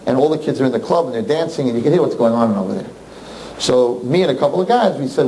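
A rabbi tells a story to his listeners with lively ups and downs in his voice, pressing hard on key words. His middle-range voice carries over a faint background noise. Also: mid-range voice, fast, rough recording. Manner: animated, emphatic, jumps into quoted voices. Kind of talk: storytelling talk to an audience.

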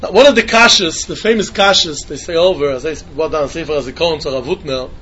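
A man giving a Talmud lesson, talking in a fast singsong that climbs to emphatic peaks. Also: fairly high pitch, pushed and bright, muffled recording, slight background noise. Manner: rapid singsong mix of English and Yiddish with Hebrew terms, rising to emphatic peaks. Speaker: Talmud teacher. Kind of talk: Talmud lecture.

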